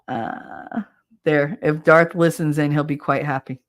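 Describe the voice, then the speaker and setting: Woman streamer, New Jersey accent, slightly low voice, casual and blunt, reads chat aloud between laughs. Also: steady tone, a little slow. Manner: blunt, laughs often, swears freely. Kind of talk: casual live-stream chat, reading comments.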